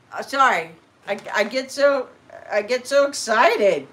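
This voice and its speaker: A woman hosting a live stream, talking to her viewers in an excitable, gushing way. Her voice sits a bit high and her delivery is unhurried and drawn out. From California. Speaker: channel host. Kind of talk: casual live-stream chat.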